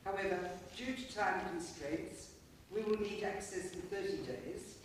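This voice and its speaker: A woman's voice: medium pitch, expressive, measured pace. Woman, audience member at auction, hesitant, distant mic, echoey noisy hall. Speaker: bidder asking a question. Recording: roomy, far-off mic in a hall with background noise.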